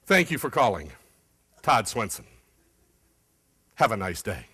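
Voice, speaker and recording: A man voicing a slow, monotone man on the phone, drawing every word out. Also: lowish voice, breathy edge, dry recording, clean studio sound, voice pushed down, heavily acted. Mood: flat. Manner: very slow, drawn-out and flat.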